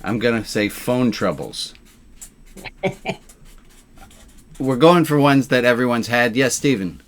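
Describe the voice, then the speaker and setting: A man's voice: mid-range voice, lively intonation, slow. A man, a rabbi, leading a community group discussion with dry, wry asides.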